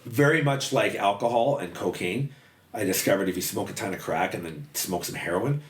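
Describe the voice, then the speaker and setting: A man with a very deep voice tells his story in a loose, rambling way, swearing often and leaning on "like." He sits back from the mic in an echoey room with a faint hum of noise behind him. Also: moderate pace. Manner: rambling, profane, heavy use of "like". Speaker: podcast guest. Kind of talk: candid storytelling about addiction. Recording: roomy, distant mic, faint background noise.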